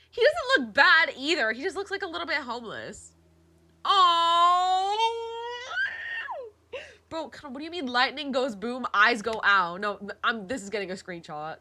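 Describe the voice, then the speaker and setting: Excitable bright-voiced young woman streamer. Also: on the high side, fast talker, hardly any pauses. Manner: gushing, excitable, reads dialogue aloud and jokes. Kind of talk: live game playthrough, reading and reacting.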